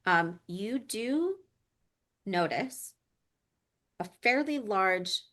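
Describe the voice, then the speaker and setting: A woman narrating as game master of a tabletop role-play, describing scenes with frequent ums and pauses. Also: medium pitch, animated, a bit bright. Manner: descriptive, hesitant with many ums.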